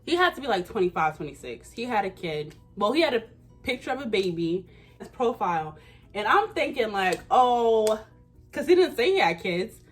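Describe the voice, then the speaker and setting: A woman's voice: fairly high pitch, big pitch swings, moderate pace, soft background music. A woman in her twenties telling a casual storytime, slangy and emphatic. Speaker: vlogger.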